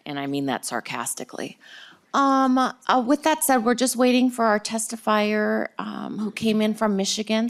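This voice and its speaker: A woman's voice: mid-range voice, moderate pace. A woman chairing a legislative committee hearing, chatty and joking, with many fillers. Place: hearing room.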